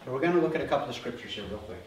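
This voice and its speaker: A male pastor preaching a sermon, telling the story with animated energy and acting out voices before settling into calm, earnest teaching. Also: medium pitch, very fast, slight background noise. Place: church sanctuary. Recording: roomy hall from a distance.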